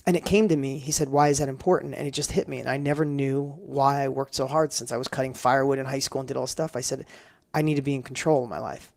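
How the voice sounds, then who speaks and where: A man's voice: medium pitch, fairly even intonation, fast talker, vocal fry, a little mellow, no room sound, clean studio sound. A middle-aged man telling a personal story as a guest in an interview, emphatic and building up with repeated phrases. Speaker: guest entrepreneur.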